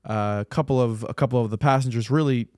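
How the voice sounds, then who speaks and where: A man's voice: mid-range voice, fast, darkish tone, dry recording, clean studio sound. A man hosting a casual podcast chat, telling news stories conversationally and often repeating words as he gathers his thoughts. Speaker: podcast host.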